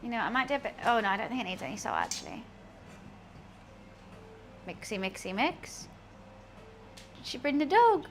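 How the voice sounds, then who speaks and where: A young woman with a slight lisp chats playfully as she cooks live for her stream. Her voice sits a little high, and a faint room hum runs underneath. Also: huge pitch swings, racing, vocal fry, hardly any pauses. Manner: chatty, playful, talks to chat while cooking. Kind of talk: casual cooking stream chat.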